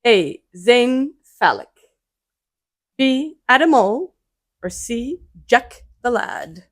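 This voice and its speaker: A woman co-hosting a podcast, reading quiz questions slowly and deliberately between light laughs. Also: fairly high pitch, lively intonation. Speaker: podcast co-host, quiz reader.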